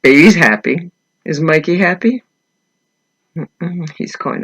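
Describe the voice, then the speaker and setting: A woman author reading her picture book aloud to children, gently asking them questions as she goes. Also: low-pitched, slow pace, husky, low-quality recording. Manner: animated storyteller.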